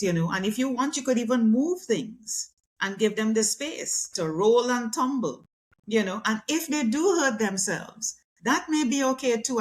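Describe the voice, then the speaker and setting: Her voice sits on the high side as this middle-aged woman, interviewed as a communication specialist, chats in a conversational way. She's lively and slips into character for quoted lines.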